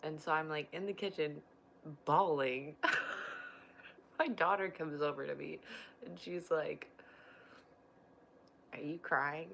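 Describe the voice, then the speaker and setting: Slow-talking, low-voiced woman livestreamer. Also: gravelly, a bit bright, slight background noise, poor audio. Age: 30s. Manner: chatty and emotional, laughs often, loose rambling phrasing. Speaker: livestream host and mother. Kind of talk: casual livestream chat, reading viewer comments.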